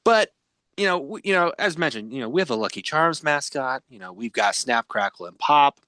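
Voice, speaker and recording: A man's voice: mid-range voice, animated, brisk, sharp tone, dry recording, studio quality. A man hosting a podcast, chatting casually and rambling with many fillers. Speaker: podcast host. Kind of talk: casual chat.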